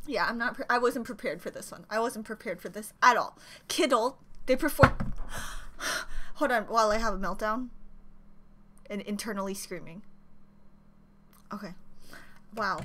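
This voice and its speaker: A woman reacting to a live music performance in a vlog, gasping and gushing excitedly. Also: medium pitch, moderate pace, slight background noise. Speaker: reaction vlogger. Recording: music playing behind. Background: faint music.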